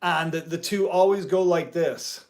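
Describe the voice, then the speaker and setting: A man's voice: fairly high pitch, a little slow. A man who teaches music part-time, talking in a rambling vlog commentary with many restarts and mild euphemistic cursing.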